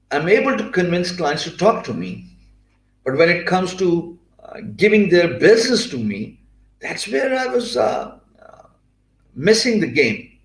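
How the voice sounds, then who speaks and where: A man's voice: a little high, roomy sound. A man from Pakistan with a Pakistani English accent, giving an earnest motivational talk about freelancing, with many fillers and restarts.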